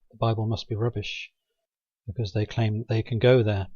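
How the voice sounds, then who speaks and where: A man's voice: on the low side, level tone, moderate pace, mellow, no echo, lo-fi sound. A man rambling through a satirical monologue, sarcastic and hesitant, with many ums. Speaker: video maker.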